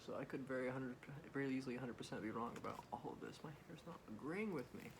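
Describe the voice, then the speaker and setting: A man hosting a soft-spoken ASMR video, rambling and correcting himself as he talks. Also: mid-range voice, fast talker, noisy background. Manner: rambling, self-correcting, chatty. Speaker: ASMR channel host.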